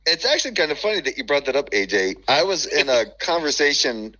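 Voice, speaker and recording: A man chatting casually and telling stories with lots of cursing, acting out the people he quotes. His voice has a very bright edge. The sound is dull and lo-fi, like an online call. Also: on the high side, a little fast. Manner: profane, animated storyteller who acts out quoted voices. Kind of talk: casual chat.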